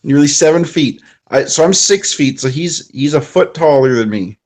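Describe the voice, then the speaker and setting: A man's voice: fairly high pitch, animated, normal speed, darkish tone. A man co-hosting a podcast in casual film chat, making dry joking remarks. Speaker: podcast co-host.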